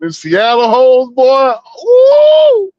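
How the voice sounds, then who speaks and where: A man's voice: fairly high pitch, lively intonation, moderate pace, dry recording, highs cut off. Southern man, slangy podcast banter. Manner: laid-back storytelling with slang and profanity. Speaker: podcast co-host. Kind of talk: casual crude banter.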